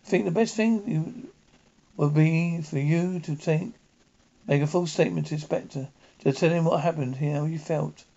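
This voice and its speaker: A man playing a calm, firm doctor who reasons with a killer in measured words. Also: a little high, vocal fry. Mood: reasoning. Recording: dull lo-fi recording.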